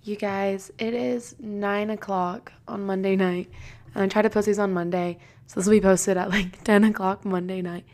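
A woman's voice: mid-range voice, flat delivery, moderate pace, noisy background. A young woman hosting a casual podcast, reading her old diary aloud with playful, giggly asides.

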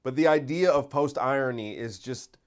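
A man's voice: medium pitch, normal speed, smooth. A man talking in a casual solo monologue, rambling and wry, often interrupting himself.

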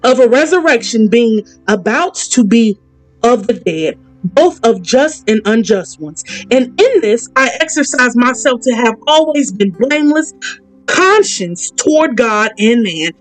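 Excitable high-voiced woman preaching. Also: a little slow, faint music behind, poor audio. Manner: excitable, preacherly call-and-response. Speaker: podcast host leading Bible study. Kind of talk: preaching Bible study.

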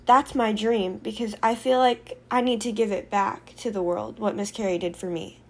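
A woman's voice: medium pitch, steady tone, moderate pace, darkish tone, close to an everyday voice. A woman voicing an earnest teenage schoolgirl who is hard of hearing. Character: teenage girl student, hard of hearing, emotional.

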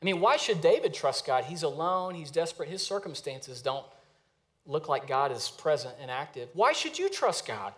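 A man in his thirties preaching a sermon in a conversational, storytelling way with lively asides. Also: on the high side, moderate pace. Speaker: pastor.

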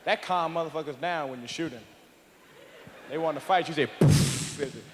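A man performing live stand-up comedy, brash, profane and animated. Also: on the high side, fairly quick, heavy background noise. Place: large live venue. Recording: echoey live hall with loud crowd.

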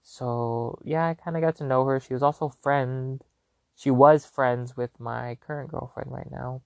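A young man hosting a podcast, telling a long story in a casual, animated and rambling way with lots of fillers. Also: medium pitch, a little slow, gravelly, no echo. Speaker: podcast host.

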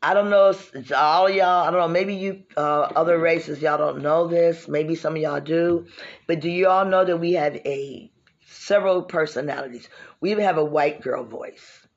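A deep-voiced woman at normal speed hosts a casual chat show on a muffled recording. Laughing as she tells stories, she talks directly to her listeners, calling them y'all.

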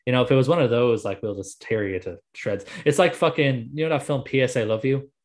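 A man's voice: medium pitch, fairly quick. A man with an Irish accent, telling stories in casual podcast chat and swearing freely. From Ireland. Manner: animated storytelling, swears freely.

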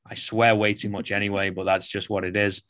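A man from Manchester with a Mancunian accent and a low voice, a fitness coach talking bluntly in a casual podcast chat, swearing often. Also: flat delivery, a little fast, a bit bright. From Manchester, England. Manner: blunt, swears a lot, rambling with many fillers.

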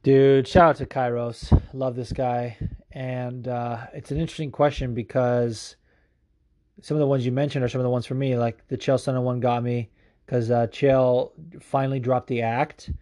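Mellow-voiced man, excitable podcast host. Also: medium pitch, normal speed. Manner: swears freely, excitable storytelling. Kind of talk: casual podcast chat. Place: at home.

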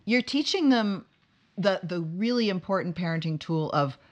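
Low-pitched woman hosting a thoughtful interview. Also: lively intonation, normal speed, highs cut off. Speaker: interviewer, host. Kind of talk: casual conversational interview.

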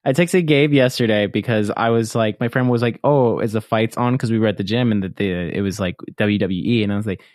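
A man's voice: on the low side, fairly quick, hardly any pauses, darkish tone, dry recording, studio quality. A young man co-hosting a podcast in casual chat, laid-back and giggly, swearing now and then. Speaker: podcast co-host.

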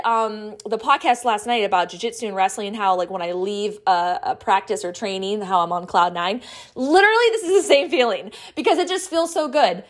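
A woman podcast host telling a personal story in a casual, excitable, chatty way, acting out the quoted lines. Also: a little high.

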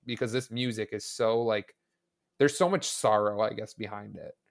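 A man's voice: lowish voice, moderate pace. A man chatting on a casual podcast as a guest, enthusiastic and rambling, often restarting his sentences. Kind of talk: casual podcast chat about a video game.

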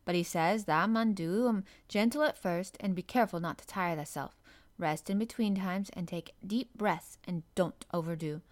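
A woman's voice: fairly low pitch, moderate pace, natural voice. A woman voicing a friendly, earnest farm boy with a broad Yorkshire accent in a storybook reading. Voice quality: broad dialect, homely.

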